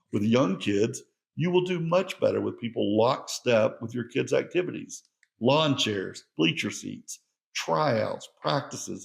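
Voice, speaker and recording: A man's voice: lowish voice, creaky. A man hosting a solo podcast, speaking in an earnest, conversational and reflective way. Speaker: podcast host.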